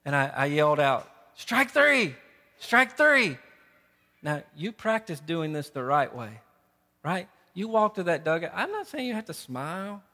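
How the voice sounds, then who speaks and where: A man preaching a sermon, impassioned and rising loud on key phrases. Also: a little high, expressive, moderate pace, in a large hall. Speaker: pastor.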